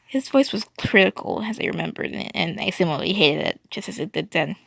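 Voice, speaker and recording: A woman reading a fan fiction story aloud, often tripping over words and restarting. Her voice is low-set and gravelly, and the sound is dry and close. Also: animated, fairly quick, fairly bright tone, no echo. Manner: stumbling, restarting, wry.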